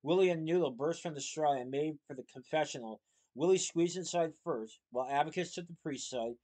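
A man reading a children's novel aloud in a plain, steady storytelling manner. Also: on the high side, fairly quick. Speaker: reader.

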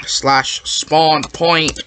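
A gamer giving excitable, rambling commentary while playing, yelping and protesting whenever a trick fools them. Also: medium pitch, very slow, slight background noise. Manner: excitable, yelps and protests when fooled; rambling, self-correcting. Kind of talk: Minecraft gameplay commentary.

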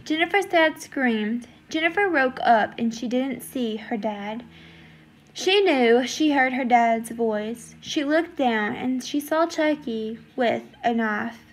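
Woman storyteller, halting and apologetic, slow read. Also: on the high side. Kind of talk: reading her own story aloud.

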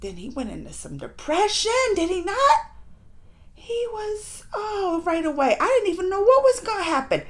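A woman hosting a casual spoken review video. She talks in an animated way with laughs and acted quotes, sometimes dropping to hushed asides. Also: very high-pitched, moderate pace. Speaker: reaction video host.

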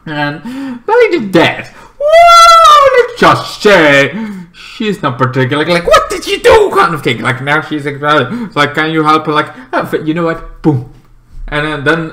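A man recapping a TV episode in a loose, rambling way, full of fillers and restarts, with excited squeals in between. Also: medium pitch. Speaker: TV show reviewer.

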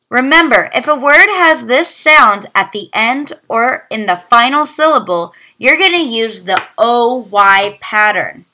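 A young woman teacher giving a virtual phonics lesson, sounding out words slowly. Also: a little high, lively intonation, bright, forceful tone.

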